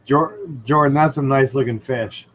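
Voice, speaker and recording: A man's voice: medium pitch, moderate pace, slight background noise, poor audio. Rambling man hosting a home livestream. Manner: animated storyteller, rambling with many fillers. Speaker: livestream host. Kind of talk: casual live chat and anecdote. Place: indoors at home by a fish tank. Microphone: computer microphone.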